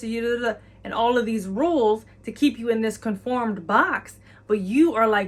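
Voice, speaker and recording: A woman's voice: on the high side, moderate pace. A woman giving an intuitive channeling message. She talks earnestly and encouragingly, repeats key phrases and often speaks in the listener's imagined voice.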